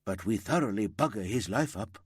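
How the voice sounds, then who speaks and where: A man's voice: lowish voice, lively intonation, brisk, husky, no room sound, studio quality. A man voicing a blunt, tech-savvy young female detective constable in a crime audiobook. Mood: scheming.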